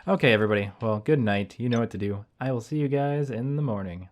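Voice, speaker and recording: A man talking casually over his gameplay as a YouTuber, thinking out loud with rambling asides. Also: medium pitch, fast talker, a little hiss or hum. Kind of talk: casual let's-play commentary.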